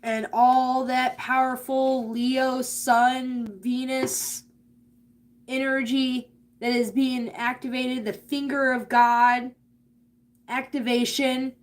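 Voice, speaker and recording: Speaking slowly in a high, flat voice, a woman does a live tarot and oracle card reading. Her talk about spirit and energy is earnest and aimed directly at the viewer.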